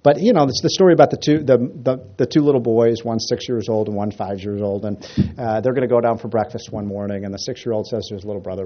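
Through dull audio comes a fast-talking man with a voice on the low side. Addressing a crowd, he rambles through a casual political talk packed with jokes and stories, animated and prone to restarts.

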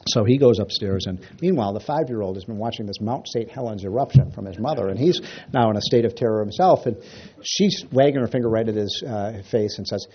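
Animated, joke-telling male speaker. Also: on the low side, a little fast, highs cut off, slight background noise. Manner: rambling, animated storyteller with restarts. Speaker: speaker at a political talk. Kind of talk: casual speech with jokes.

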